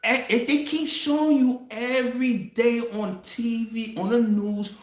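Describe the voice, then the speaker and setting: A man hosting a casual commentary monologue, telling a story in an animated way, laughing and swearing as he goes. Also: very high voice, unhurried, reverberant. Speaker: commentary host.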